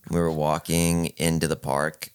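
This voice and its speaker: A man's voice: extremely low pitch, little pitch movement, measured pace, clear, resonant tone. A man in casual chat, asking dry questions and telling short stories.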